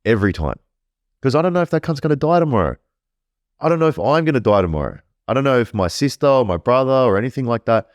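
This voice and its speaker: A man's voice: on the low side, a little mellow, no echo, studio quality. A man speaking bluntly and earnestly as a podcast guest, swearing freely in casual interview talk.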